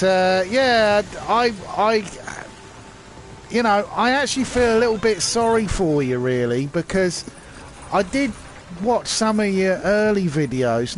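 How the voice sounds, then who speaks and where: Sarcastic man, high voice, ranting. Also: a little hiss or hum. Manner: rambling, sarcastic, many restarts and fillers. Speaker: channel host. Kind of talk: casual rant to camera.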